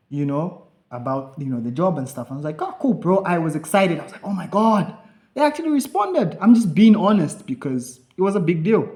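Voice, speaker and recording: A young man co-hosting a podcast, telling a story in casual chat and acting out the lines of himself and others. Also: a little high. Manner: animated, acts out quotes of himself and others. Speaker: podcast co-host. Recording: echoey room.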